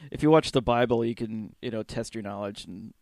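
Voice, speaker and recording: A man co-hosting a casual chat, laughing often and acting out movie scenes in quick voices. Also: fairly low pitch, a little mellow, dry recording, studio quality. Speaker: podcast co-host; religious studies student.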